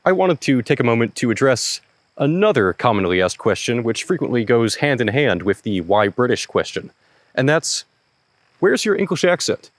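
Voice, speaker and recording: An American man, a historical reenactor hosting his own channel, explaining a question to camera in a measured, point-by-point way. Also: mid-range voice, lively intonation, no echo. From United States.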